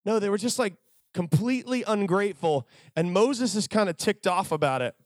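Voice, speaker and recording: A man preaching a sermon to a youth crowd, telling stories in an animated, joking way. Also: high-pitched, fairly quick, no room sound.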